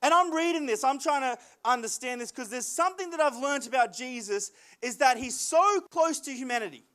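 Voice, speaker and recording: A young man preaching with a very high voice. He is earnest, often repeats words as he builds a point, and slows into falling phrases when he reads scripture aloud. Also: animated, pushed and bright. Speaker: lead pastor. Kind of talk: sermon.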